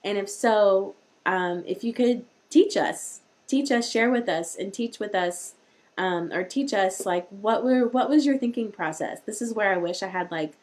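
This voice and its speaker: A woman's voice: medium pitch, measured pace, darkish tone. A woman hosting a live-streamed parenting talk, chatty and rambling, with many restarts. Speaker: host.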